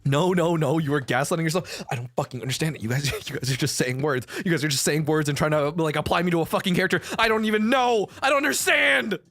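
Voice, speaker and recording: A young man streaming, chatting casually with viewers, swearing and shouting in protest. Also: a little high, fast talker, hardly any pauses, no room sound, studio quality.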